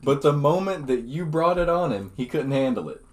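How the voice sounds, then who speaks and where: A man's voice: fairly high pitch, animated, normal speed, slight background noise. A man from the American South co-hosting a casual podcast chat, joking around and slipping into put-on accents. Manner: jokey, slips into put-on accents. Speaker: podcast co-host.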